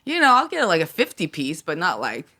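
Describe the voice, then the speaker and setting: A woman's voice: fairly low pitch, wildly swooping pitch, a little fast, bright, forceful tone. A woman, a guest chatting casually on a podcast in a laid-back, slangy way. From United States. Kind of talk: casual chat. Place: podcast studio.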